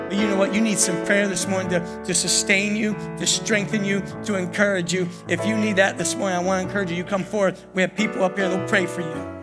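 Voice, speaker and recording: An older man preaching a sermon in a church, pausing often and calling out "church". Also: sits high. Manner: preaching with many pauses, repeating "church". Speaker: pastor. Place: church sanctuary. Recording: worship music under the voice. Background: soft piano and keyboard.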